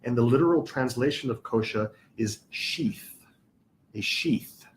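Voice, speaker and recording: A man lecturing a small class on spiritual teachings, with a middle-pitched voice. He explains each term patiently, spells words out and stops to put questions to his students. There is a faint hiss underneath. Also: measured pace.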